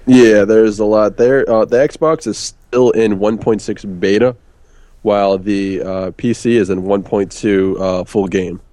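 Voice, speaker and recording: A man's voice: lowish voice, fairly even intonation, a little slow, warm tone, no echo. A man with a Philadelphia accent, a podcast guest giving brief, matter-of-fact answers. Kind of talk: casual interview answers.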